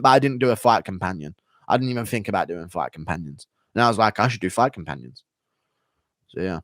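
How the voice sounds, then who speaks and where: A man's voice: mid-range voice, no room sound, studio quality. A man talking bluntly and swearing freely in a casual live-stream chat, answering viewers.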